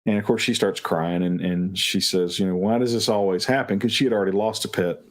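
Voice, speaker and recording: Low-voiced man telling rambling stories. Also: steady tone, fairly quick. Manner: rambling anecdotal storyteller. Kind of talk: casual chat.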